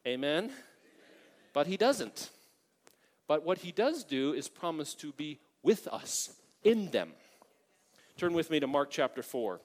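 Animated male pastor preaching in a reverberant hall. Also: fairly high pitch, unhurried, long pauses. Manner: animated preaching, rising loud for emphasis, often asking "right?" and "amen?". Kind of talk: sermon. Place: large church sanctuary.

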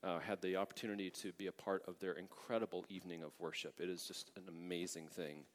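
A middle-aged man preaching a sermon as a pastor, animated and emphatic, often asking the congregation for an amen. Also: sits low, quick pace. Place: large church sanctuary. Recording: long hall reverb.

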